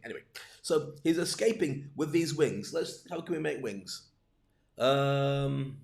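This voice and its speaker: A man's voice: on the high side, vocal fry, reverberant. A man hosting a casual comedic talk to camera, rambling and digressive, acting out gestures as he goes. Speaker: host. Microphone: streamed from home, camera.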